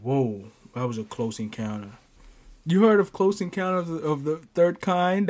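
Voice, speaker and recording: A man hosting a podcast, telling a personal story in casual chat, animated, often stammering and breaking into laughter. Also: fairly high pitch. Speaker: podcast host.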